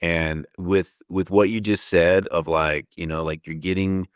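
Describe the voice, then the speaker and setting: Deep smooth enthusiastic man. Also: fairly even intonation, a little slow, dry recording, clean studio sound. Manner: eager, urging. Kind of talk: enthusiastic casual chat.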